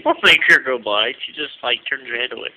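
A man's voice: medium pitch, fast talker, phone-quality sound. A young man casually vlogging at home at night, joking and teasing, on a handheld camera mic. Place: indoors at a relative's home at night. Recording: noisy home video recording.

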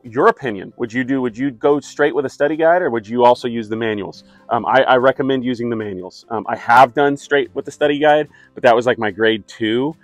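A man's voice: medium pitch, dry recording. Regular guy rambling to camera, lots of ums, dry close mic, faint guitar in the back. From California. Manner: conversational, many fillers, wry asides. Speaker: wastewater operator and YouTube host. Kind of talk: casual talk to camera.

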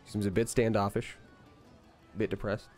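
Halting, low-voiced male game master. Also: little pitch movement, a little mellow, faint music behind. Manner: halting narration full of uh and kinda. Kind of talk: narrating a tabletop game.

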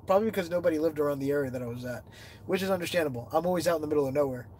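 Congested male streamer, a bit high-pitched, casual and chatty, answers his viewers. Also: rapid-fire, slight background noise. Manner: reads viewer comments aloud and answers them; animated storytelling, rising in pitch when excited. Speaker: livestreaming explorer. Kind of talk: casual livestream chat.

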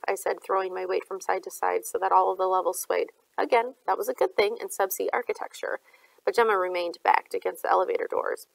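A woman narrating a novel aloud in a steady, even storytelling read. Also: medium pitch, quick pace, creaky, no echo, low-quality recording. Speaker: audiobook reader. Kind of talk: audiobook narration.

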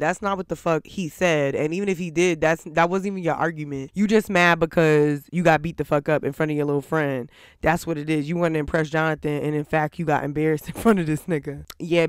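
A man's voice: a little high, clear, resonant tone, dry recording, studio quality. A man hosting a casual recap of a reality TV episode, ranting profanely and laughing often. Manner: profane, laughing, animated rant.

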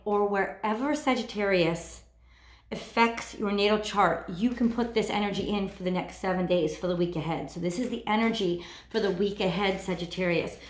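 A woman doing a weekly tarot card reading, talking in a halting way and searching for her words. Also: mid-range voice, reverberant. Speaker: tarot reader.

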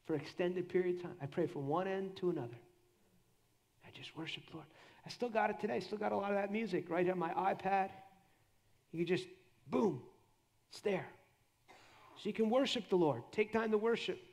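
A middle-aged man preaching a sermon at a church conference, animated, dropping into a hushed voice when he acts out prayers. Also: sits high, normal speed, long pauses.

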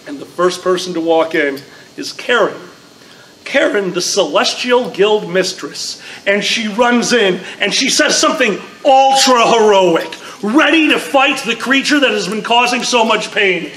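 A man co-hosting a live podcast, telling a story with lively acted-out quotes. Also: high-pitched, a little slow, slight background noise, rough recording. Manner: animated storyteller, acts out quotes. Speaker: podcast co-host. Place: large convention room before a live audience.

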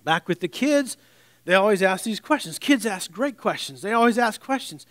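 A man preaching a sermon in a conversational way, with wry asides and restarts, dropping to a soft, low voice on scripture. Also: lively intonation, normal speed, no room sound.

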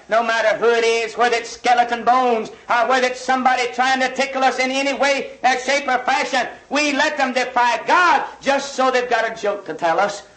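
A man's voice: extremely high pitch, fairly bright tone, roomy sound, low-quality recording. A man from the United States preaching a revival sermon, pleading with his hearers through repeated rhetorical questions, captured on a 1960s vinyl record.

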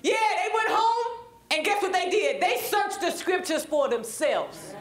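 A high-pitched, middle-aged woman preaching a Bible study with a Black lilt. She draws the congregation into call-and-response and climbs into fervent preaching. Her voice rings around a reverberant church room. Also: very animated, unhurried. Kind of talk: sermon-style Bible teaching.

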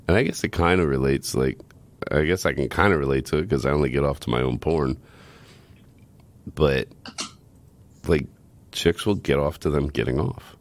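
A man's voice: a bass voice, moderate pace, pauses often. A man co-hosting a podcast in casual chat, crude and teasing, laughing often. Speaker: podcast co-host.

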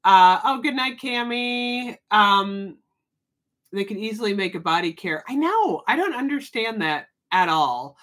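A woman's voice: mid-range voice, expressive, a little slow, fairly bright tone. A woman hosting a casual livestream, chatting and replying to viewer comments, often laughing. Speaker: livestream host. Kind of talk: casual live chat.

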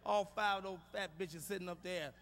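Loud, ranting, profane male comedian. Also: high-pitched, fairly even intonation, fairly quick, long reverb tail, a little hiss or hum. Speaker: stand-up comedian. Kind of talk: stand-up comedy routine. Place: live comedy stage.

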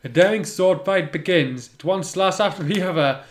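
A man's voice: sits high, normal speed. A man reading a fan story aloud and breaking off for sarcastic comments on the writing. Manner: sarcastic, interrupts the reading with wry remarks. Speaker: reader and commentator. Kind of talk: reading fan fiction aloud with snarky asides.

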